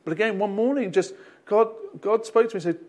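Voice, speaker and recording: A man's voice: sits high, a little fast, a little mellow. A male pastor with an Australian accent, telling a rambling anecdote in a sermon with lots of restarts and chuckles. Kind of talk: storytelling sermon.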